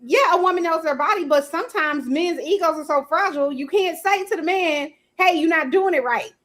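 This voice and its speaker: High-voiced woman hosting a chat show. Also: brisk. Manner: animated, shout-greets viewers by name. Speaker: host. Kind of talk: casual podcast debate.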